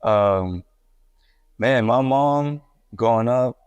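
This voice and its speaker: A man's voice: mid-range voice, very slow, clear, resonant tone, no room sound, dull audio. A young man from Puerto Rico, a guest hip-hop artist, tells his life story in a candid, rambling way with many restarts. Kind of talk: casual interview storytelling.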